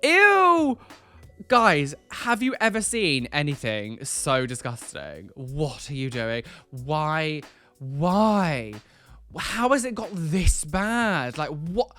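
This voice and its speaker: A man hosting a casual reaction video, talking in an animated, exclamatory way that jumps into squealing highs. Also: slow, faint music behind.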